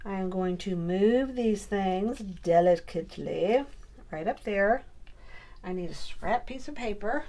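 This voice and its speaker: A woman's voice: mid-range voice, animated, a little slow, mellow. A woman scrapbooking on camera, chatting casually and muttering to herself as she works. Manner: self-talking, muttering while working. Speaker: scrapbooking vlogger. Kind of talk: casual crafting chat.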